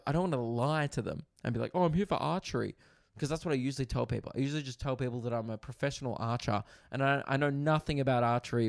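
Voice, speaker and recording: A man's voice: mid-range voice, creaky, darkish tone, dry recording, studio quality. A young Australian man hosting a comedy podcast, telling crude, profane stories with lots of asides from a hotel room. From Australia, Victoria. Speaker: comedian host.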